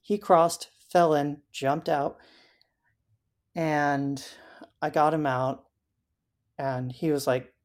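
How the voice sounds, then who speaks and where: Low-voiced slow-talking woman. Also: fairly even intonation, a little mellow. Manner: halting, frequent um and like fillers. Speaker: interview guest recounting a hike. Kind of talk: casual interview storytelling.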